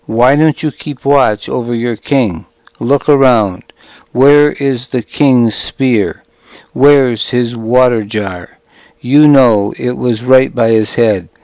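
A man voicing a commanding young warrior leader, harsh and loud. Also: medium pitch, slow, no echo, rough recording. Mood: harsh rebuke.

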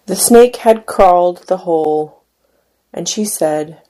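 Woman reading poetry aloud, low and mellow, deliberate measured recitation. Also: rough recording. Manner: slow, measured recitation with pauses between lines. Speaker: poetry reader.

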